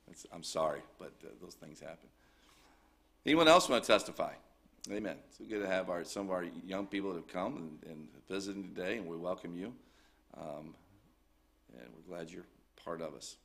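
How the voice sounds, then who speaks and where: Male pastor, very low voice, folksy, rambling, lots of fillers. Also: moderate pace, gravelly. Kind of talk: church service announcements.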